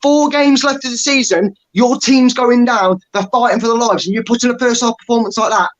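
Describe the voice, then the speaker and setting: A man's voice: very high-pitched, a little fast, few pauses, muffled recording. A man giving a blunt, exasperated, sweary rant about his team's performance. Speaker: football fan pundit. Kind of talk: angry fan rant.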